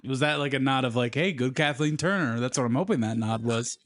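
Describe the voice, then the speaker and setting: A man's voice: mid-range voice, fairly bright tone. A man co-hosting a podcast in casual chat, joking around and throwing out quips. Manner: jokey, quick with quips. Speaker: podcast co-host.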